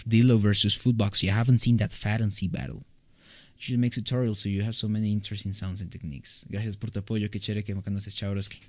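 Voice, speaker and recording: A man's voice: fairly low pitch, no echo. Laid-back young man chatting on a stream. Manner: rambling, loose and joking, with frequent restarts. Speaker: streamer answering chat. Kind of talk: casual live-stream chat. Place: home recording room.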